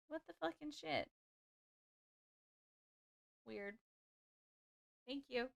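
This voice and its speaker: A woman's voice: high voice, vocal fry, no echo, clean studio sound. A woman hosting a live stream, chatting casually with viewers, laughing often and swearing now and then, then reading their stories aloud.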